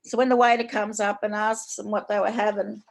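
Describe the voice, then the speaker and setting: A woman from Australia with an Australian accent, an author reading her own short story aloud in slangy, unhurried storytelling. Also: medium pitch, little pitch movement, creaky.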